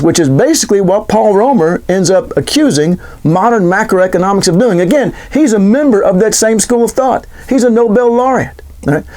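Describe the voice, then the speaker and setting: A man's voice: sits high, a little mellow. A middle-aged man giving opinionated solo commentary as a podcast host, sarcastic and mock-questioning, often restarting his words.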